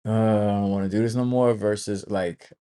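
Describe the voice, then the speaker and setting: A man talks through parenting in a relaxed, easygoing way, often agreeing with short replies. His voice sits somewhat low. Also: moderate pace, smooth. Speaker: podcast co-host, parent. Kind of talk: casual conversation.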